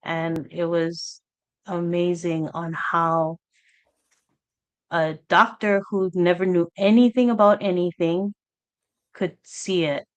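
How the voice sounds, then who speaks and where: Brief: unhurried woman guest, earnest and halting, personal testimony. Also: on the low side, steady tone, clean tone. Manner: halting, earnest, reenacts past talk in quotes. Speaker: guest sharing her story. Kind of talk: personal testimony on a live talk show.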